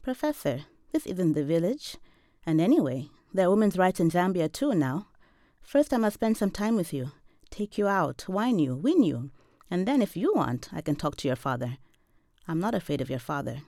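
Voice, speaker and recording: A confident male police officer flirts in a playful, coaxing way, as a woman reads his lines aloud in a storytelling voice. The voice sits a little higher than the reader's own low tone and is a touch softer. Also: big pitch swings, normal speed, no room sound, studio quality. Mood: teasing.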